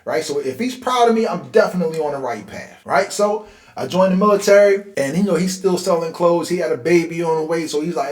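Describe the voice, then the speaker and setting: A man's voice: fairly high pitch, brisk. Man in his forties in a roomy space. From Philadelphia. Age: 40s. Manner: conversational, animated when reliving tense moments, laughs easily. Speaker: host. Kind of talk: personal storytelling to camera. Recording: roomy echo.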